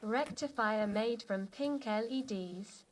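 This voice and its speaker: A computer-made woman's voice reads out viewers' chat messages one after another. It sits fairly high in pitch. The delivery stays flat and even, without any feeling. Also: slow. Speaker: text-to-speech chat reader.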